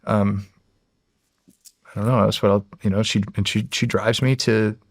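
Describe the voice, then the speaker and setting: Gravelly middle-aged American man telling stories. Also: fairly low pitch, moderate pace, no room sound, studio quality. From United States. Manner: animated, loose, many fillers and restarts. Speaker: podcast guest, former Navy SEAL. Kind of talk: casual storytelling.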